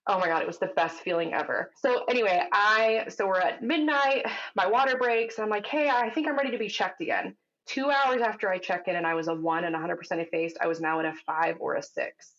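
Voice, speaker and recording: A woman in her thirties, a guest telling her birth story in a casual interview, in a vivid, animated way that acts out the voices of others. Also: on the low side, a little fast, few pauses, lo-fi sound. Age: 30s.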